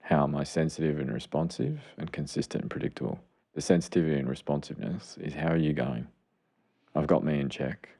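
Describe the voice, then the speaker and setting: A middle-aged man with a rumbling low, mellow voice speaks briskly as a podcast co-host and clinician. In casual chat, he explains parenting steps earnestly and enthusiastically.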